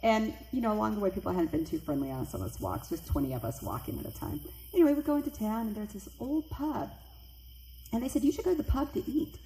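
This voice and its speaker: A middle-aged woman telling a personal spooky story, lively and acting out the voices of the people in it. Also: fast talker, a little hiss or hum. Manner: animated, acts out quoted voices with big pitch jumps. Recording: echoey room with faint ambience.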